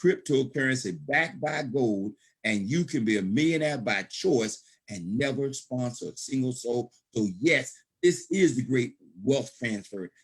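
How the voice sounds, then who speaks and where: A man on a video call giving a motivational pitch with emphatic, preacher-like repetition. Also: expressive, unhurried, hardly any pauses, slightly rough. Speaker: gold savings promoter.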